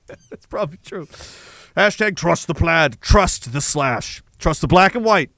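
A man's voice: on the high side, lively intonation, slow pace, vocal fry, pushed and bright, no echo. A man hosting a podcast, ranting crudely and sarcastically and reading out chat comments. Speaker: podcast host. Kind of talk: casual livestream rant.

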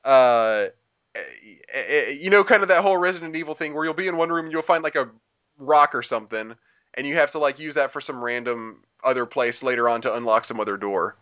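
Man, casual chat, rambling, smooth resonant voice, somewhat high, dull lo-fi sound. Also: a little fast, fairly bright tone. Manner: rambling, many fillers and restarts. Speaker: podcast co-host reviewing a game.

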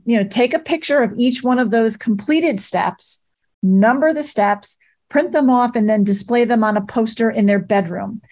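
A woman's voice: on the high side, a little mellow. Practical middle-aged mother giving advice. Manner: practical, direct, conversational with fillers. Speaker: parent advocate. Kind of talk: advice talk.

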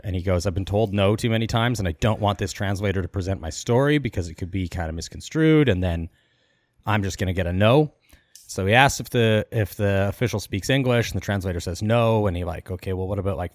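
With a lowish voice and no echo, this studio-quality recording captures a podcast co-host. He casually and animatedly retells a travel story, briefly quoting the people involved.

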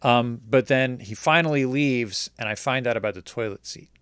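A man spins a rambling anecdote in a relaxed, casual way, acting out each side of the dialogue as he goes. His voice sits at a middling pitch and sounds dry and close. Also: moderate pace, clear, resonant tone, dry recording. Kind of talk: casual storytelling.

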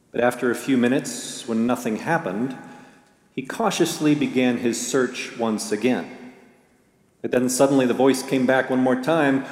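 Male pastor, sermon delivery, mid-pitched, measured storyteller, echoey sanctuary. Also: darkish tone. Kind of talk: sermon with scripture reading. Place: church sanctuary. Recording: echoey church hall.

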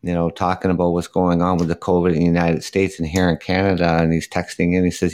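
A man with a low, deep voice chatting easily as a show host. He agrees readily and keeps his talk loose, with plenty of "you know" fillers between points. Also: monotone, quick pace, hardly any pauses, darkish tone. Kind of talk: casual chat.

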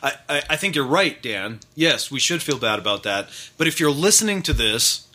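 A man's voice: medium pitch, very animated, moderate pace, bright, forceful tone. A man from Massachusetts hosting a casual podcast, rambling and swearing with lots of restarts. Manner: profane, rambling, many restarts. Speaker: podcast host. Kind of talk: casual chat.

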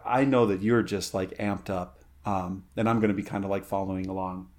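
A man's voice: sits low, steady tone, brisk, darkish tone. A man co-hosting a podcast in a casual chat, rambling with many fillers and restarts. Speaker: podcast co-host.

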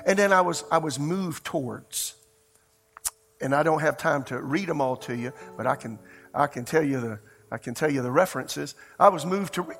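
A man's voice: a little high, moderate pace, gravelly, a bit bright. A man preaching a sermon, telling a story in a fervent, conversational way and speaking straight to the congregation. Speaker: pastor.

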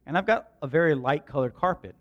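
A man preaching a sermon, telling a personal story in a hushed voice, then building to loud, slow, emphatic lines. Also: fairly high pitch, animated, highs cut off. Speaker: pastor.

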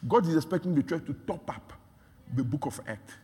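A man preaching a sermon, repeating phrases and building from quiet talk to shouts. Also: fairly high pitch, expressive, brisk, husky. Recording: long hall reverb.

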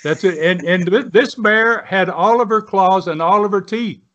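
On a dull-sounding lo-fi recording, a former pro wrestler in his seventies from the United States tells casual stories as a guest. He rambles on at length in a folksy way with many restarts and fillers, his high-pitched, fairly bright voice moving at normal speed.

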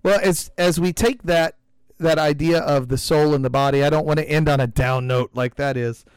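A man hosting a casual religious podcast discussion, speaking in a measured way with frequent restarts and reading scripture aloud. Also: on the high side, steady tone, clear, resonant tone, no echo. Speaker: podcast host.

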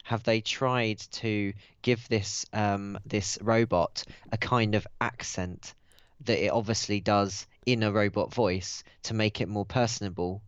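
Guy player musing along, smooth low voice, dry dull audio. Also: steady tone, unhurried, no echo. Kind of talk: casual chat.

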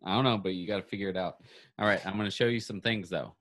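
A man's voice: sits low, fast talker, a bit bright. A man co-hosting a podcast over a video call, bantering in a playful, teasing way. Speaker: podcast co-host.

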